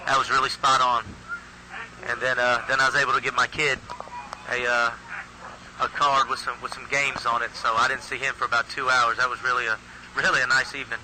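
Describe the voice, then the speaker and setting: A male youth football announcer calls the game live from an outdoor field, his medium-pitched voice fairly quick, sharp in tone, and moving little in pitch. His play-by-play is easygoing, folksy, and chatty, with frequent phrase restarts, captured in a noisy outdoor recording.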